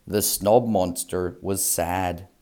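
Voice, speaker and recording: Very slow sing-song storyteller man. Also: low-pitched, fairly even intonation, dark tone, faint music behind. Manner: slow, clear, sing-song reading for children. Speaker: storyteller reading aloud. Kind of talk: children's read-aloud.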